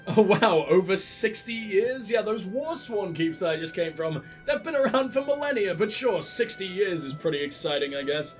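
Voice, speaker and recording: A man's voice: high-pitched, expressive, normal speed, few pauses, soft background music. A young man giving sarcastic, profane commentary while playing a game, mocking the characters. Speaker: let's play gamer.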